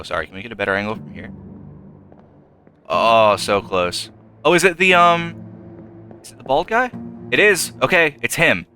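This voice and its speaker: A young man doing let's play commentary, thinking aloud and hesitating, with sudden excited jumps. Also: medium pitch. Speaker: gameplay commentator. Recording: faint game music behind.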